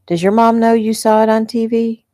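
A woman reading the lines of a gentle, injured man who talks softly to little girls. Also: fairly high pitch, little pitch movement, normal speed, dry recording, studio quality, pitched above the performer's own voice, natural voice. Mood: tender. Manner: soft, tender speech.

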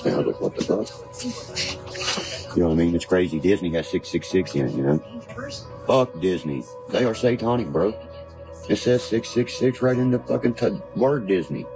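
An extremely low-pitched man from Virginia, from West Virginia, appears as a guest in a rough recording with background music. His casual chat rambles, full of free cursing and conspiracy talk.

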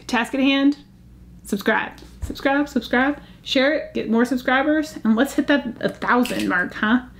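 A woman hosting a casual jewelry vlog, chatty and easily excited, gasping over pieces she finds. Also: a little high, a little hiss or hum. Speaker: jewelry channel host.

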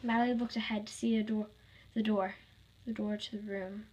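A woman's voice: mid-range voice, flat delivery, moderate pace, a little mellow, lo-fi sound. A woman reading her own fan story aloud, plainly, with small slips.

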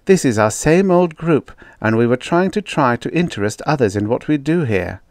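A man's voice: medium pitch, animated, moderate pace, a little mellow, dry recording, voice pushed up, lightly acted. A man voicing a prim, fussy male scholar who chairs the meeting with precise, raised speech.

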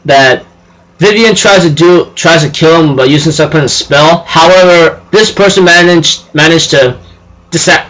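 A man's voice: a little high, moderate pace, a bit bright, rough recording. A man casually recapping an anime episode, rambling with lots of fillers and repeated phrases. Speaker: anime reviewer.

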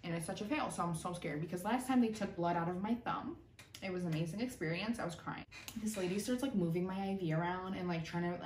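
A young woman telling a personal story in a storytime vlog, animated and sarcastic. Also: fairly low pitch, fast talker. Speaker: vlogger. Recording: roomy echo, distant mic, faint noise.

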